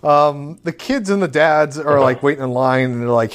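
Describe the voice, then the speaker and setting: A man casually recapping a movie plot in a chat, dry and steady with many fillers. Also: on the high side, normal speed. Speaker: podcast co-host.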